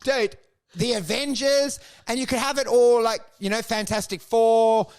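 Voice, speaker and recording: A man co-hosting a crude comedy podcast, riffing excitedly, swearing and laughing. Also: very high-pitched, unhurried, smooth. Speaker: podcast co-host.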